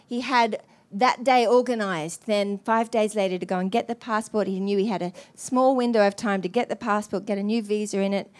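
A woman's voice: mid-range voice, fairly even intonation. Earnest woman preacher telling a story. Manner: earnest, halting, many restarts. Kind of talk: sermon storytelling.

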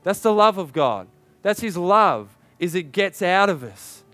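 A man preaching a sermon to a congregation, urging and repeating himself, building to shouted peaks. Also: high voice, lively intonation, measured pace, no echo, soft background music. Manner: urgent, repetitive exhortation with rising shouted climaxes.

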